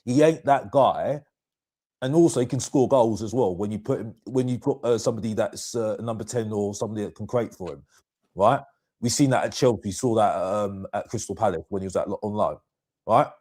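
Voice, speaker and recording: A man's voice: fairly low pitch, fairly quick, mellow. A man calling into a football chat stream, searching for words and repeating phrases as he builds his point. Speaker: guest caller.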